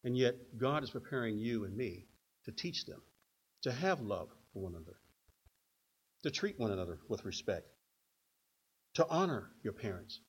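An older man preaching a sermon in an animated way, acting out stories in other voices. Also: on the low side, moderate pace, pauses often, husky. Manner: animated, acts out quotes in put-on voices. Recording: dull lo-fi recording.

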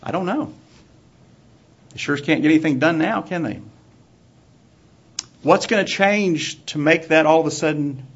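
A man preaching a sermon to his congregation in a church, asking measured rhetorical questions. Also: fairly high pitch, gravelly, husky. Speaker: pastor. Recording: dull lo-fi recording.

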